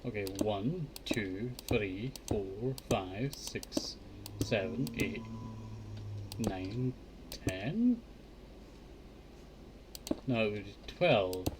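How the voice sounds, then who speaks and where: A man's voice: lowish voice, expressive, extremely slow, pauses often, heavy background noise. A man streaming a survival game, counting blocks under his breath and chatting to himself. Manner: mutters counts under his breath, flares up in annoyance at mobs. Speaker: Minecraft streamer. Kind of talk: casual gameplay commentary. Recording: clear keyboard clicks behind the voice.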